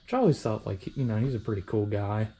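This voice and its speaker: A man's voice: on the low side, fast talker, mellow. A young man talking casually in his home workshop, rambling and swearing freely as he explains his repair work. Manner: rambling, profane, self-deprecating. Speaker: hobby vehicle restorer.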